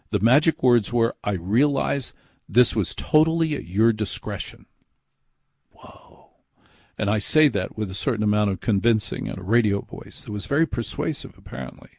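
A man's voice: fairly low pitch, expressive, moderate pace, creaky, a little mellow, breathy edge, dry recording. A man hosting a late-night radio show, telling a story in a chatty, self-deprecating, rambling way from a studio mic.

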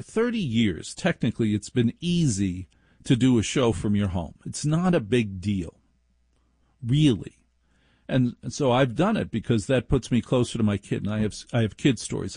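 Sarcastic guy doing his radio show from the laundry room, kinda husky voice, dry close mic. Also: a little mellow, dry recording. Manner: sardonic, rambling, mocks listeners in high put-on voices. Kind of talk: monologue radio talk show. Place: home laundry room studio.

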